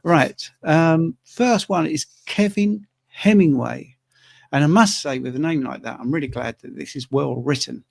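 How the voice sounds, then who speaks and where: A man from the UK hosts a live Q&A, teasing his co-host between questions. His voice sits a little high with a gravelly rasp. The sound is dry and close, as on a video call. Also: unhurried, darkish tone, no echo. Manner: jokey, teasing, chatty. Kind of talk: live Q&A chat.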